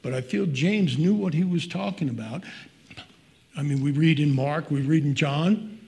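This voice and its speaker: A middle-aged male pastor delivers an earnest, conversational sermon. His voice sits a little higher than most men's, and he slows down to read scripture aloud before dropping back into plain personal talk. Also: vocal fry, a little mellow.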